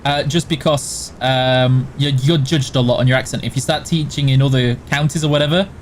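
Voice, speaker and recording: A man's voice: medium pitch, steady tone, fairly quick, slight background noise. A man with a Yorkshire accent from near Barnsley, hosting a game livestream and chatting casually with viewers, rambling with lots of restarts. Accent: Yorkshire (Barnsley area). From Yorkshire, England. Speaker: stream host. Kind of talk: casual livestream chat answering viewer questions while gaming.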